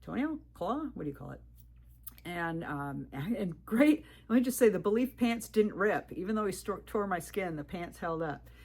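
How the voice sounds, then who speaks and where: A woman's voice: fairly low pitch, normal speed, slightly rough. A woman thru-hiker telling a story to camera. She talks candidly and emphatically, warning viewers, and acts out what people said with "I'm like". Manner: animated, retells talk with 'I'm like' quotes. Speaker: thru-hiker video creator.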